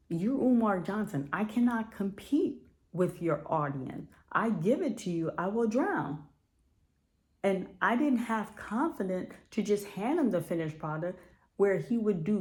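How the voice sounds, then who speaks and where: A woman with a medium-pitched, slightly mellow voice talks straight to the camera in a casual way. She's an independent filmmaker from Ohio, USA, and she addresses viewers bluntly and emphatically, repeating words to stress them.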